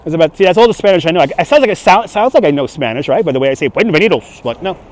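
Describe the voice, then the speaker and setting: A fairly high-voiced man with a light New York accent strolls outdoors while livestreaming. He chats casually, reacting to viewer comments. Street traffic passes in the background as he holds a phone on a gimbal. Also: animated, racing, darkish tone. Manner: chatty, answers viewer comments on the go. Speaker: livestream walking tour guide. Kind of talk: casual live-stream chat while walking. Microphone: handheld phone on gimbal.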